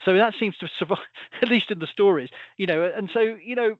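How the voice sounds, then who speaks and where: A man's voice: sits high, brisk, no echo, lo-fi sound. A British man hosting a casual conversation, rambling with stammering restarts and chuckling asides. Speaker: host.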